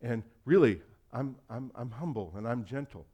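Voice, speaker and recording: Guy pastor preaching, chatty and jokey, mid pitch, does little voices for people he quotes. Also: lively intonation, moderate pace, warm tone, husky. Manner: conversational, acts out quoted voices, laughs often. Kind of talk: sermon.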